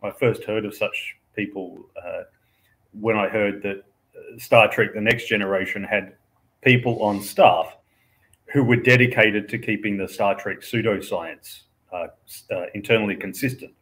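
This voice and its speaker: A man's voice: on the low side, fairly even intonation, unhurried, fairly bright tone. A man in casual chat, rambling with many fillers and chuckling as he talks.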